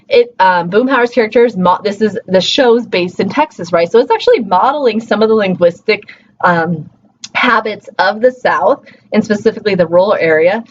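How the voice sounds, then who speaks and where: A woman's voice: medium pitch, muffled recording, slight background noise. Woman lecturing with chatty tag questions. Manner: conversational, frequent "okay" and "right" tag questions. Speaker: linguistics instructor. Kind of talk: recorded lecture.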